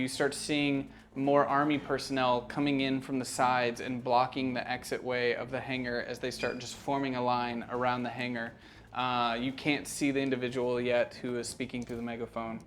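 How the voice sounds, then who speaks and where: A man's voice: medium pitch, slight background noise. Guy gm narrating a tabletop game, easygoing and full of ums. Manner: relaxed, loose narration with many fillers. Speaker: game master.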